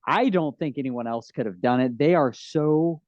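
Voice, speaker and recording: A man co-hosting a casual podcast review, talking in an animated, gushing way and acting out scenes in quick voices. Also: fairly high pitch, no echo. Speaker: podcast co-host. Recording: dull lo-fi podcast mic.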